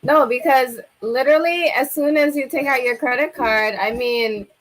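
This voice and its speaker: A woman's voice: sits high, normal speed, low-quality recording. A woman on a casual panel discussion, answering firmly and decisively.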